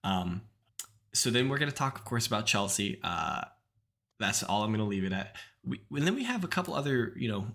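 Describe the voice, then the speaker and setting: A man's voice: lowish voice, sing-song, a little fast, vocal fry, a bit bright. A man hosting a podcast in loose, casual chat. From United States. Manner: loose and chatty, many "like" fillers. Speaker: podcast host.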